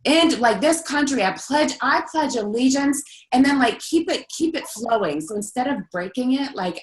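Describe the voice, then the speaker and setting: A woman's voice: a little high, lively intonation, normal speed, hardly any pauses, reverberant, poor audio. A woman in a casual group discussion, telling a rambling personal story with lots of "like" and restarts. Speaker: group member sharing a story.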